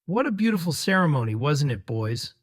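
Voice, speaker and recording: A woman's voice: very animated, fairly quick. A man doing a chipper, scolding churchgoing mom. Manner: chipper, scolding, raised higher voice. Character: fussy devout middle-aged mother.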